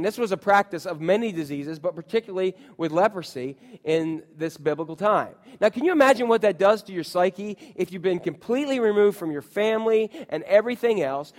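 A man preaching a sermon in a church, animated and calling out to the congregation. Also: high voice. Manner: animated, calls out to the congregation, acts out shouts. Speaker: pastor. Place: church sanctuary. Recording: long hall reverb.

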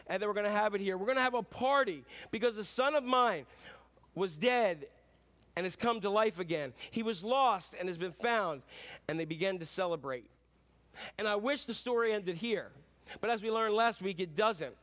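Pastor guy with a high voice, preaching, animated storytelling. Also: brisk. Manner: animated storytelling, acting out characters. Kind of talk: sermon.

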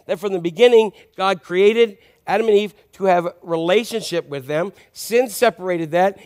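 High-voiced man preaching casually. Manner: conversational, asks the congregation questions. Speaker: pastor. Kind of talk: sermon.

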